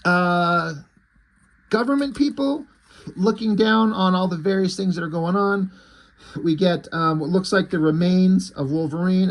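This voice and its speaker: A man casually and enthusiastically recapping a comic story, swearing freely and reading out the characters' lines. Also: a little high. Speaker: comic book reviewer.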